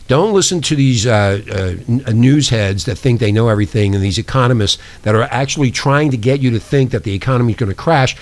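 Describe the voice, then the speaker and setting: A man hosting a talk show from a small studio, ranting in a profane, conspiratorial way. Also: medium pitch. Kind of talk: casual talk show monologue.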